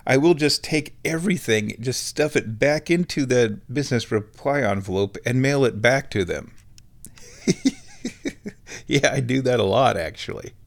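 A man's voice: medium pitch, normal speed, vocal fry. A man around fifty hosts a casual solo show from home, rambling wryly and chuckling at his own jokes. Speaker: podcast host.

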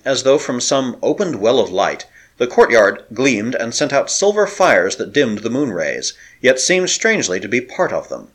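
A man reading an adventure novel aloud as an audiobook narrator, telling it with expressive, dramatic storytelling. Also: mid-range voice.

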